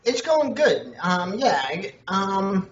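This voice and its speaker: A man's voice: high voice, takes it slowly. A man, a comedian, telling funny stories in an interview and laughing often. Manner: jokey, animated, laughs often. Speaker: comedian guest. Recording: echoey, distant, dull lo-fi with faint noise.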